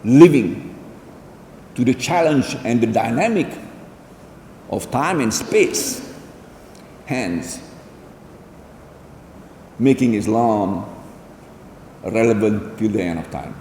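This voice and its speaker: A man giving a formal public lecture in a hall, speaking in a measured, deliberate way with formal phrasing. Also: fairly low pitch, expressive, mellow, slight background noise. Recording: echoey hall with faint ambience.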